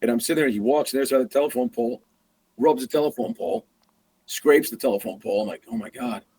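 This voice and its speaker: A man's voice: medium pitch, quick pace, breathy edge. A man, a guest hunter, telling a story in a casual way and acting out the sounds and the dialogue. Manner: animated, acts out sounds and quoted dialogue.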